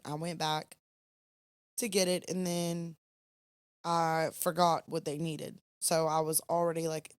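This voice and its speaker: A young woman in a casual late-night podcast chat, telling her story with plenty of fillers. She sounds tired, and her voice sits a bit low. The recording is dry and close. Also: no room sound. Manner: chatty, rambling storyteller with fillers. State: tired, yawning at 2 AM. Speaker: podcast co-host.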